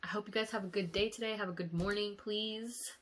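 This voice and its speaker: A woman's voice: mid-range voice, fairly even intonation, brisk, fairly bright tone. A woman vlogger talking casually to her viewers, teary and emotional, sighing often and speaking candidly with some swearing. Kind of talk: casual dream-diary vlog.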